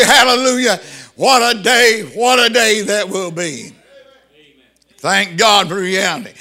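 An older man preaching a sermon, fervent and breaking into shouts of praise. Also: high voice.

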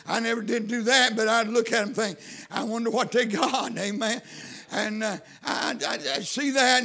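A man preaching a personal testimony sermon, folksy and repetitive, rising into fervent shouts and whoops. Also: very high-pitched.

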